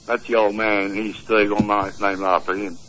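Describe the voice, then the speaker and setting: A man's voice: on the low side, little pitch movement, normal speed, a bit bright, slight background noise, poor audio. A man with an Australian accent calls in to a radio show and tells a rambling fishing story, full of restarts. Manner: rambling yarn-spinning with restarts. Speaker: caller. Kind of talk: phone-in storytelling.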